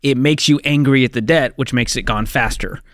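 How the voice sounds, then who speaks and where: A man's voice: mid-range voice, fairly quick, no echo. Upbeat male co-host, dry studio sound. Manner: upbeat, encouraging. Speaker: radio co-host. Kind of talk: casual advice chat.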